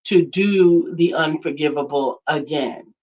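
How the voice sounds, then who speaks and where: A woman's voice: sits low, slow pace. A woman co-hosting a casual faith-based talk show, earnest and preacherly, reading out viewer comments. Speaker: co-host, coach. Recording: dull lo-fi audio.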